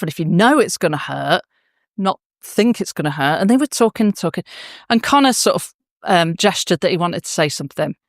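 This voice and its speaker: In a conference hall, a woman tells teachers heartfelt classroom anecdotes, frequently backtracking and filling pauses. Her voice sits in the mid range, and the recording is dry with clean studio sound.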